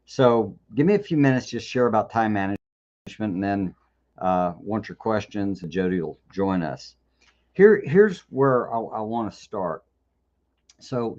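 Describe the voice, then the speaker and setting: With highs cut off from the recording, a man with a fairly low, somewhat mellow voice runs a live Q&A. He speaks casually, frequently starting over and doubling up on words.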